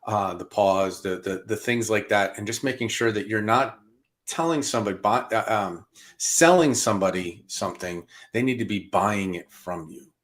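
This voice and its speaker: Halting, low-voiced male podcast host. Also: fairly bright tone. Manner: halting, with repeated restarts and fillers. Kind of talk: casual podcast conversation.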